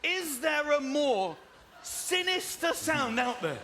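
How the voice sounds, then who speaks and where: Brief: man, middle-aged, stand-up comic, very lively pitch, big exaggerated delivery. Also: slow pace. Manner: animated, exaggerated storytelling. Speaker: stand-up comedian. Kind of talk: stand-up comedy routine. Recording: noisy recording.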